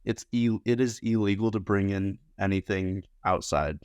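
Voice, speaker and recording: Low-voiced young man telling bar stories. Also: normal speed, clear, resonant tone, dry recording, lo-fi sound. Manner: animated, acts out quotes in higher voices. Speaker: podcast guest, bartender. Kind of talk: casual storytelling.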